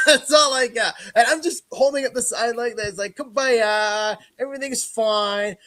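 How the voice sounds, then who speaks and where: Bright-voiced animated man telling stories. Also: very high voice, moderate pace. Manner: animated, laughing storyteller who acts out shouted quotes. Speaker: podcast co-host. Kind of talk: casual storytelling chat.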